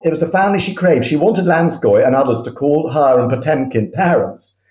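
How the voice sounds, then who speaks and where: A man telling history as an animated, enthusiastic storyteller, often restarting his sentences. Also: fairly high pitch, fairly quick, roomy sound. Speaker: historian guest.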